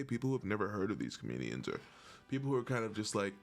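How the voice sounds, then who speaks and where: A man with a fairly low voice chats loosely to his viewers, wandering between jokes and swearing with easy irreverence. He laughs at his own bits as he goes, and soft music plays faintly under him. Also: big pitch swings, quick pace, creaky. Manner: rambling, profane and jokey, often laughing. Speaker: YouTuber. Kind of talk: casual vlog chat.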